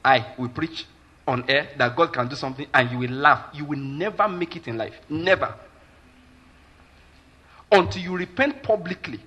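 A Nigerian-accented male pastor delivers a sermon in a husky, forceful voice set a little higher than most men's. He is emphatic, drops in Pidgin asides, and keeps asking whether his listeners follow. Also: moderate pace, pauses often.

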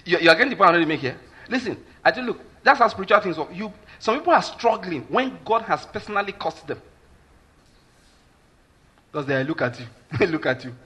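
A Nigerian-accented male pastor delivers a sermon in a husky, forceful voice set a little higher than most men's. He is emphatic, drops in Pidgin asides, and keeps asking whether his listeners follow. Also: lively intonation, fairly quick.

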